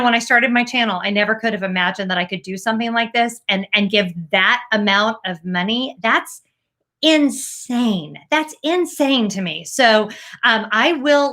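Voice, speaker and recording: A woman's voice: a little high, sharp tone. A middle-aged woman hosting a casual live stream, chatty and full of fillers, thanking viewers effusively for their donations. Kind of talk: casual live-stream chat reading super chats.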